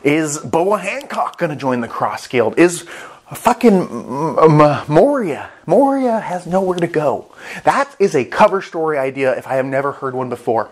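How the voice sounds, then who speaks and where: A man reviewing a comic chapter in casual vlog commentary, rambling and excitable, swearing freely. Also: on the high side, moderate pace. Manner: rambling, excitable, with profanity and restarts.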